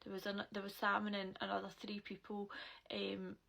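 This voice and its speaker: Young woman, Glasgow accent, gravelly, casual storytelling, swears freely. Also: medium pitch, normal speed, low-quality recording. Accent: Scottish, Glasgow. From Scotland. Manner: animated, swearing, loud when quoting herself.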